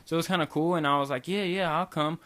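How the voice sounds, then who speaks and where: A man's voice: on the high side, steady tone, fast talker, bright, forceful tone. A young man from Kentucky, casually telling a long, rambling story with lots of swearing. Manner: loose, rambling, swears a lot. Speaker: vlogger.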